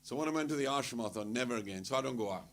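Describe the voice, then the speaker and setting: Man, gravelly voice, casual storyteller, acts out quotes, faint noise behind. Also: medium pitch, very fast. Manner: animated, laughing anecdotes with acted-out quotes. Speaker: temple speaker.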